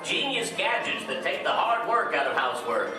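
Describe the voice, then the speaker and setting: A cheerful middle-aged dad, proudly showing off his gadgets in a jaunty, joking patter with a high, lively voice. It is heard from far off in a very echoey theater, with music playing behind. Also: normal speed. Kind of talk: attraction show narration.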